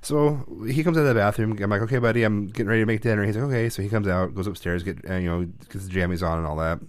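In a dry recording, a thirtysomething dad and podcast co-host speaks fast in a fairly low voice. He's chatting casually through a family story, bringing it to life by performing each quote.

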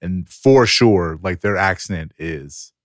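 A low-pitched man chatting on a podcast, spinning animated stories and slipping into the voices of the people he quotes. The sound is close and dry, with no room around it. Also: slow pace, dry recording. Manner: animated storyteller who acts out quoted people. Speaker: podcast co-host. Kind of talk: casual chat.

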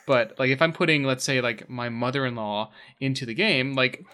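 A man co-hosting a casual podcast, chatty and quick to laugh while sharing game-master tips. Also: medium pitch, bright, forceful tone, clear, resonant tone.

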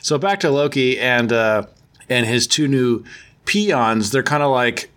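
A man's voice: medium pitch, expressive, unhurried, fairly bright tone. A man hosting a podcast, recapping a comic book story in a casual, rambling way, full of fillers and self-corrections. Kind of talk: casual chat.

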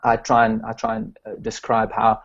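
A man's voice: lowish voice, completely flat delivery, normal speed. Hesitant man, slightly muffled audio. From South Africa. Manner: hesitant, many fillers and restarts. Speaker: strengths coach guest. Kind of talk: podcast interview answers.

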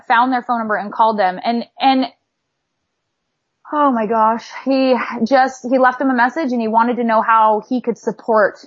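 A young woman tells a painful personal story, her voice a little high and her words tumbling out with restarts and fillers. The sound is somewhat dull and lo-fi. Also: fairly bright tone, no echo. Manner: emotional, rambling, many restarts and "like" fillers. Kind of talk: personal story, casual talk.

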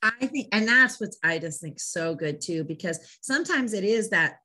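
Woman, dog trainer, interview host, enthusiastic, animated storytelling, casual chat. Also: mid-range voice, normal speed.

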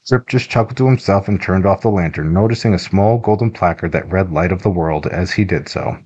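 A man with a very low, deep voice reads a children's adventure book aloud in a steady, even narration. The recording is a little muffled and lo-fi. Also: fairly quick, husky. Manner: even, steady storybook reading. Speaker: audiobook narrator. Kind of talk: scripted narration.

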